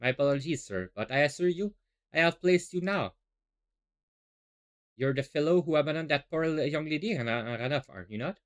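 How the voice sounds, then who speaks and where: Casting: man as a genteel, rambling detective, unhurried and sure of himself, for a game read-through. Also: fairly high pitch, animated, lightly acted. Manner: courteous, rambling, self-assured. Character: polite, eccentric gentleman detective.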